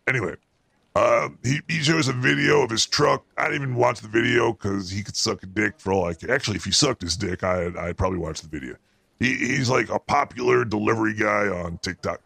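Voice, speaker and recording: A man's voice: lowish voice, a little fast, bright, forceful tone, no echo, heavily acted. A man voicing a paranoid, foul-mouthed male cartoon rat who hosts a show and rants crudely and with exasperation about the news. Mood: ranting. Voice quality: gravelly. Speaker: show host. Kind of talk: comedic news rant.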